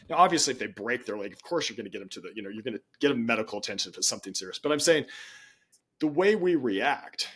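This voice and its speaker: A middle-aged man, a podcast guest, telling stories in an animated way and acting out the voices he quotes. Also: mid-range voice. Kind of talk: storytelling in interview.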